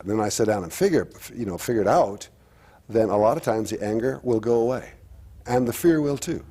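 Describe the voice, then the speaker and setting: A middle-aged man talking candidly as a guest, halting and reflective, with frequent restarts. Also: medium pitch, warm tone. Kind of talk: candid personal talk-show conversation.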